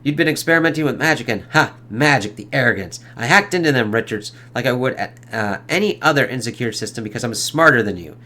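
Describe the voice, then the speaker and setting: A man's voice: medium pitch, expressive, fast talker, hardly any pauses, bright, forceful tone. A man reading as a gloating villain inventor. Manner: gloating, sneering. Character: smug male villain inventor, boastful.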